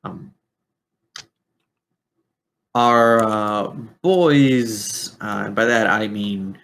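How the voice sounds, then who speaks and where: A man's voice: on the low side, vocal fry, a bit bright, exaggerated voice. A man doing a rambling robot officer. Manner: rambling, halting, full of ums.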